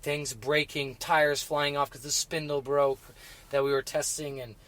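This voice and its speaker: A middle-aged man telling racing stories in casual conversation, halting and full of restarts, growing emotional as he remembers. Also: fairly high pitch, little pitch movement, fairly bright tone. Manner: halting, many restarts and fillers, emotional when recalling. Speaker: guest. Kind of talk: casual interview chat.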